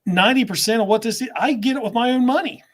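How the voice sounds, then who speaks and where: A man with a Southern US accent hosting a casual chat, telling stories quickly and laughing often. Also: very high voice, fairly bright tone. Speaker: host.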